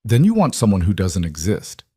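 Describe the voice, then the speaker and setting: A man's voice: on the low side, wildly swooping pitch, normal speed, mellow, slightly rough, no echo, studio quality, full character voice. A man voicing a cold, intense male mafia boss in a storybook reading, clipped and threatening. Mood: cold menace.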